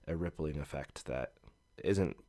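A man's voice: extremely low pitch, measured pace, mellow. A man as a podcast guest, telling a personal story in an earnest, reflective way.

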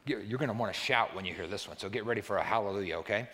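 With a low-ish, slightly bright voice, a man in his sixties preaches rapid-fire as pastor in a church sanctuary. The sermon is conversational, peppered with "right?" and rising to emphatic peaks, and the hall gives a long reverb.

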